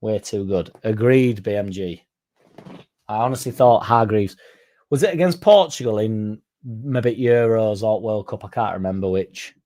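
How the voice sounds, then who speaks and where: A man's voice: lowish voice, a little slow, dark tone. A man hosting a football fan channel, chatting casually in a rambling, sweary, self-mocking way.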